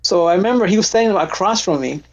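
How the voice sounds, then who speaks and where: A man's voice: high voice, animated, quick pace, highs cut off. A man hosting a casual stream, animatedly telling funny stories and acting out his friends' lines. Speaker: stream host. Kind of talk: casual storytelling.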